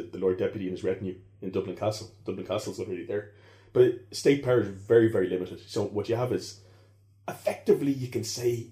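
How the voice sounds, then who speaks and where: Talking history in conversation, a man appears as a historian guest, wandering off on tangents and fixing his own statements along the way. He has a lowish, dark-toned voice in a reverberant space.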